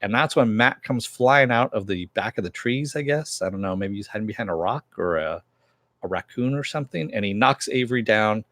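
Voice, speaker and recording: A man's voice: fairly low pitch, expressive, brisk, fairly bright tone, no room sound. A man giving a rambling, offhand recap of a TV episode, swearing casually as he retells the plot. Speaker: TV episode reviewer.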